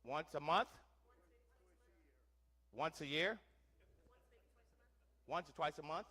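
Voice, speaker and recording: A man's voice: a little high, slow pace, bright, forceful tone. A man doing a first-person historical reenactment for a live audience, playing a wagon teamster and quizzing listeners with questions in a theatrical way. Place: church hall, before an audience.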